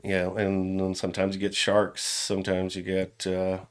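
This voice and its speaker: A middle-aged man from Cincinnati with a fairly low voice tells stories in a relaxed, conversational way. He laughs easily and often lets his sentences drift off quietly at the end. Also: moderate pace. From Cincinnati, USA. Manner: relaxed, laughs often, trails off softly at phrase ends. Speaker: jewelry store owner, podcast guest. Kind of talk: casual storytelling chat.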